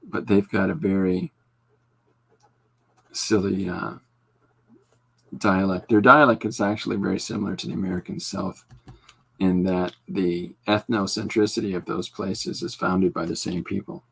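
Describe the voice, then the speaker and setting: A man's voice: low-pitched, fairly even intonation, a little slow, gravelly, long pauses, husky. A man hosting a casual live podcast, chatting with viewers and rambling through asides and self-corrections. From Canada. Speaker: podcast host drawing comics live. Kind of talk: casual live-stream chat reading comments.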